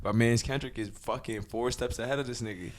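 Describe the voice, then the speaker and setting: A man co-hosting a podcast, jumping in excitedly to pause and explain lyrics. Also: mid-range voice. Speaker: podcast co-host. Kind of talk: casual podcast chat.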